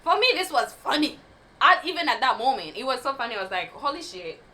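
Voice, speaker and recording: A woman's voice: sits high, very animated, fast, bright, forceful tone, poor audio. A young woman in a casual storytime vlog, talking animatedly, swearing and laughing often. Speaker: vlogger telling a story.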